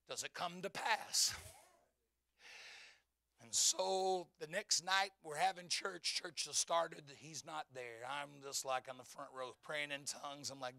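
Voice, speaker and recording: A man in his fifties preaching a sermon in church, telling a story in hushed tones and then building to fervent shouts. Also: on the high side, measured pace, creaky, no echo, studio quality. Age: 50s.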